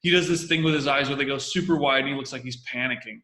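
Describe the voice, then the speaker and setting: Bright, energetic male commentary host. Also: mid-range voice, fast talker, roomy sound. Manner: energetic, repeats phrases. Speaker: host analyzing comedy. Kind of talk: casual video commentary.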